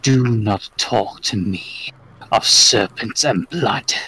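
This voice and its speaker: A stern goddess of death with shadowy wings, grave and cold, as a man puts her on. Her words come slow and hushed and drop almost to a whisper. This is tabletop game role-play. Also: lowish voice, slight background noise, full character voice, low-quality recording. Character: imperious female goddess of death.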